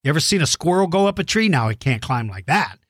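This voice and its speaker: A man's voice: a little high, very animated, fast, slightly rough, no echo, studio quality. A middle-aged man hosting a children's dinosaur show, enthusiastic and encouraging, explaining things simply. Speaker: host answering kids' dinosaur questions. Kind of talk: friendly kids' show chat.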